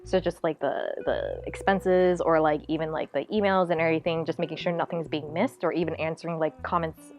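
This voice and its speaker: A woman co-founder chatting candidly in an interview, quick and lively with lots of fillers. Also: low voice, faint music behind.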